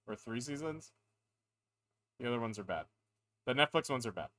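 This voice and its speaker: A man's voice: mid-range voice, expressive, normal speed, a bit bright. A tired man chatting casually on a live stream, rambling, playful and self-deprecating.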